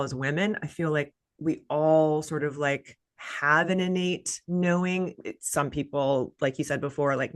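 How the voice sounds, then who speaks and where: A woman in her thirties from the American South, hosting a casual interview and telling stories with many "like" fillers. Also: low-pitched. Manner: chatty storyteller, many "like" fillers. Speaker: podcast host.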